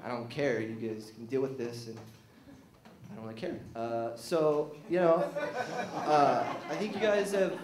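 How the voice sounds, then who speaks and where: A man's voice: medium pitch, measured pace, darkish tone, reverberant, slight background noise. A young man doing a rambling, self-deprecating stand-up set on a small theater stage, full of fillers and restarts. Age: young adult. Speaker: stand-up comedian. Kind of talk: stand-up routine.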